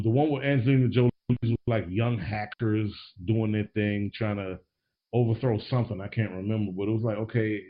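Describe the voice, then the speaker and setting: A man hosting a podcast in casual chat, rambling and slangy with many restarts, a little tipsy. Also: lowish voice. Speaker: podcast host. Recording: dull lo-fi recording.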